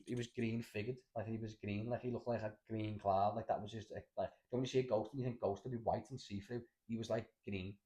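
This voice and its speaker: A man's voice: on the low side, steady tone, quick pace, hardly any pauses, mellow, slightly rough. A young Scouse man hosting a podcast, telling stories in a rambling, sweary way and calling everyone "lad". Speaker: podcast host. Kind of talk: casual storytelling chat.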